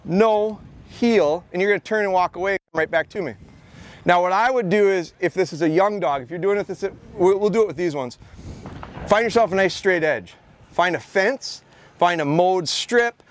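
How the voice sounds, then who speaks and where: A man's voice: fairly high pitch, a little hiss or hum. A man in his thirties teaching a dog training class outdoors on a mowed field, coaching handlers and often repeating his words as he gives instructions.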